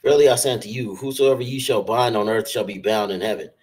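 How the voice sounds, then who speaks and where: A man reading Bible passages aloud in a steady, plain way, with small slips. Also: lowish voice, fast, rough recording. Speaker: scripture reader.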